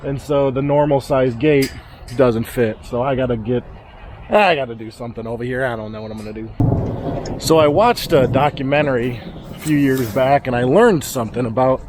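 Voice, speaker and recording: A man's voice: moderate pace, noisy background. A man, casually vlogging outdoors on his farm, a bit out of breath as he hurries around and talks to his animals. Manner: talks to his goats, calls out to animals in a high voice. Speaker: homesteading vlogger.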